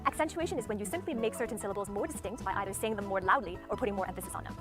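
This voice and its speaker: Woman speaking coach, very fast talker, clear music bed underneath, methodical teaching delivery. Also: medium pitch. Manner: methodical, demonstrates stress and tone aloud. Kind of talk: instructional talk.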